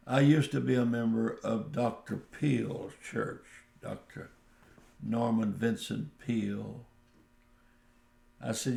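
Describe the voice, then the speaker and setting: Man, preacher, slow folksy storytelling, gravelly fry, echoey room. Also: mid-range voice, steady tone, a little mellow. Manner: slow, folksy anecdotal telling with quoted dialogue. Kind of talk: radio sermon storytelling.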